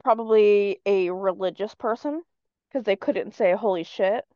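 A woman co-hosting a podcast in casual chat, quick to shoot down slang she dislikes. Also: medium pitch, a little mellow, smooth, no echo, muffled recording. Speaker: podcast co-host.

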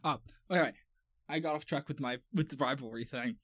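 A man's voice: mid-range voice, brisk, a bit bright, no room sound, studio quality. A young man with an Australian accent, chatting casually as a podcast co-host, rambling and swearing with jokes. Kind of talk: casual chat.

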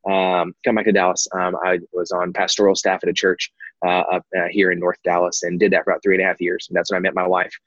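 Fast-talking deep-voiced man, husky. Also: monotone, a bit bright, no room sound, muffled recording. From Texas. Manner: candid, rambling with many fillers. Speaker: guest. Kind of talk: personal story in conversation.

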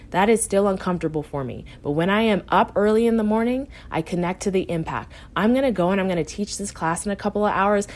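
A woman's voice: mid-range voice, darkish tone. A woman hosting her own podcast as a life coach, talking directly and encouragingly to listeners with a tough-love edge and frequent laughs. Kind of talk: motivational podcast talk.

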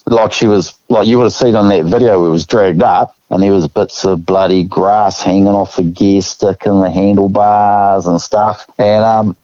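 A laid-back Australian man tells a story at an easy pace and acts out the people in it with a chuckle here and there. His voice sits low and mellow. The recording is dry and a bit muffled. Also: steady tone, moderate pace, few pauses, no echo. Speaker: guest. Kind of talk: casual storytelling.

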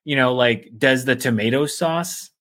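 A man chatting on a comedy podcast, his voice bright and forward. He rambles through stories with plenty of likes and ums, at an ordinary pitch for a man. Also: a little slow. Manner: rambling, filler-heavy. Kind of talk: casual comedic chat.

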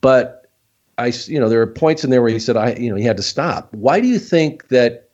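A man's voice: mid-range voice, lively intonation, brisk, darkish tone, muffled recording. A man hosting a podcast, asking long, searching questions with frequent hesitations. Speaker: podcast host. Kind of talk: casual interview.

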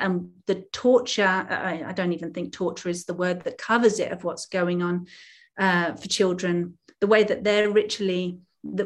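A woman spiritual healer talking earnestly in a casual podcast conversation, rambling with many restarts. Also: medium pitch.

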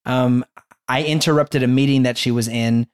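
A young man telling a personal faith story in casual chat, animated and rambling with many restarts. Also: medium pitch, moderate pace, smooth.

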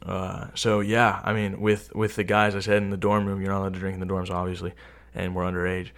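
A young man speaks in a deep, gravelly voice that sits very low. He talks in an easygoing, rambling way, checking in with his listener as he goes. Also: fairly quick. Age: young adult. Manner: relaxed, rambling, many "right?" tags. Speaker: interviewee. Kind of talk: casual chat.

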